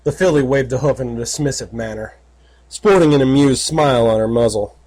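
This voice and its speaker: A man narrating a fan fiction audiobook in a steady, measured way. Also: mid-range voice.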